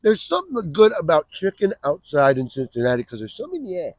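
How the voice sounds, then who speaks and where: A man in his forties, a comedian guest in casual comedic chat outdoors at a backyard grill, joking and bursting into loud shouted bits. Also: a little high, wildly swooping pitch, fast talker, no echo. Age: 40s.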